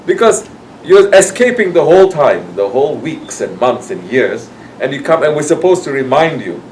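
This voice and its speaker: A man's voice: medium pitch, distant mic, a little hiss or hum, poor audio. A man giving a sermon to his congregation, scolding and acting out people's excuses. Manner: admonishing, acts out quoted excuses. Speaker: sufi sheikh.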